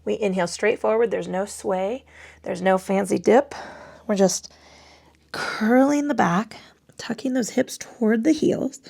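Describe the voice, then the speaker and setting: A woman's voice: medium pitch, gravelly, warm tone. A woman leading a yoga class, talking her way through the poses with chatty, self-mocking asides and casual swearing, a little out of breath. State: breathing heavily. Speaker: yoga instructor.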